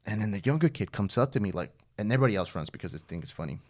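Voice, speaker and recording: A man, a podcast guest, telling an animated story in casual chat, swearing and laughing along the way. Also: lowish voice, racing.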